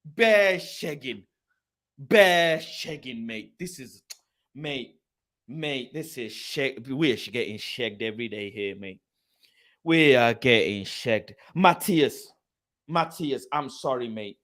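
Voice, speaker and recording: A man hosts a football channel, ranting in a casual live stream. He swears, reads things aloud off a screen and keeps breaking into loud mock outrage. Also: mid-range voice, slow. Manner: animated, exasperated, swearing, shouting in mock outrage.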